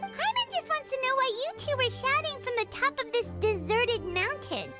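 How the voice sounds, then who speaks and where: Tiny chirpy game companion creature. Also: female voice, very high-pitched, normal speed, over loud music. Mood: curious. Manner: excitable, refers to herself in third person.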